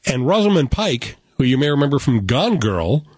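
An American man reviewing a film in casual radio chat, animated and opinionated with a joking streak. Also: mid-range voice, moderate pace, breathy edge, no room sound. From United States. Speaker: film critic.

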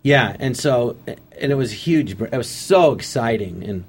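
A middle-aged man recounts career anecdotes in a relaxed, conversational way. His voice sits at an ordinary middle pitch. He often slips into the voices of the people in his stories. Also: measured pace, husky. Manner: animated anecdotes acting out quotes. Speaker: interview guest. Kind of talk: casual storytelling.

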